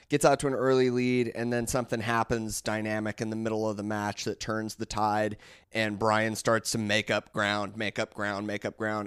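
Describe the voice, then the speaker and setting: A man co-hosting a podcast in casual chat, rambling excitedly and restarting his thoughts. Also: on the low side, clear, resonant tone, no echo, studio quality.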